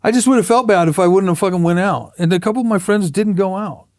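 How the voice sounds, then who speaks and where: A man's voice: high-pitched, fast talker, a little mellow. A middle-aged man, a tattoo artist being interviewed, telling blunt, profane stories and acting out the quotes. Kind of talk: casual storytelling interview.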